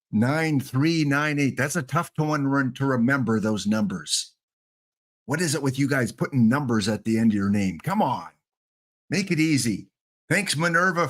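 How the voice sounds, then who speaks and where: Man, livestream host, casual chat, rambling, playful, a bit winded, mid-pitched voice.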